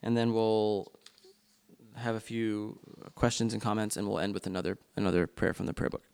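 A man's voice: on the low side, fairly even intonation, normal speed, creaky, a little mellow, clear, resonant tone. A man leading a church class discussion in a loose, unscripted way, with frequent ums and restarts.

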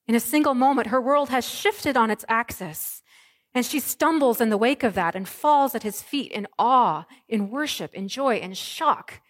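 A woman pastor preaching an Easter sermon, moving from hushed, soft lines to ringing proclamations. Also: on the high side, moderate pace, no echo, studio quality.

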